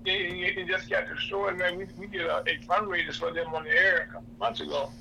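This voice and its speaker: A man with a St. hosting a radio show, speaking haltingly with many restarts. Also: high-pitched, steady tone, gravelly, pushed and bright, lo-fi sound, slight background noise. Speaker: radio host. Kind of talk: casual radio talk.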